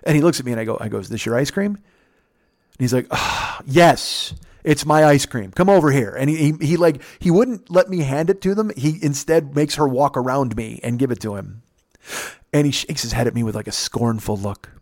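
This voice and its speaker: A man telling a casual, profane story on a podcast, jumping up in pitch to mimic the people in it. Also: fairly quick, dry recording, studio quality. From United States. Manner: animated, profane, mimics others with pitch jumps. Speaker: podcast host.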